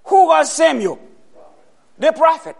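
Slow gravelly high-voiced preacher man. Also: very animated. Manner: slow, questioning the congregation, bursts of loud emphasis. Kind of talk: sermon.

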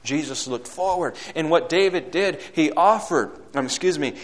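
A male preacher delivering a sermon, swinging between loud, fervent climbs and hushed, low passages, and reading scripture aloud in old-fashioned wording. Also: moderate pace. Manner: reads scripture aloud in King James wording.

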